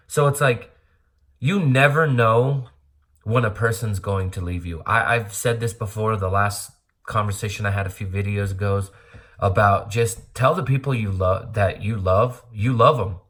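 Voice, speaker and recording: Middle-aged guy from montana, lowish voice, rambling and blunt, swears a bit, just talking straight to camera. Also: fairly bright tone. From Montana, USA. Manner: earnest, rambling, blunt with profanity. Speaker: vlogger. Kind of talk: candid personal monologue.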